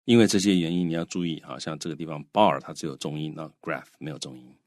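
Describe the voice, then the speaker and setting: Extremely low in pitch and fast-talking, this co-host teacher is a native Mandarin speaker on a bilingual radio English lesson. He explains in Mandarin peppered with English words, captured in clean studio sound without any room sound.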